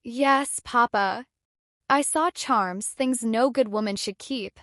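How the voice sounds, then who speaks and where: A woman's voice: on the high side, slow, a bit bright, no echo, clean studio sound. A woman voicing a brave young boy who is firm and earnest. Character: brave young boy, protective older brother.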